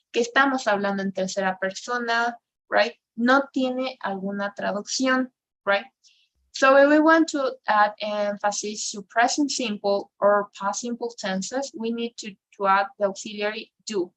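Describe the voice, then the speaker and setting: A woman's voice: medium pitch, low-quality recording. A woman teaches an English grammar class. She keeps checking in with a questioning "right?" and sometimes switches into to explain. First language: Spanish. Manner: mixes in Spanish, ends phrases with "right?".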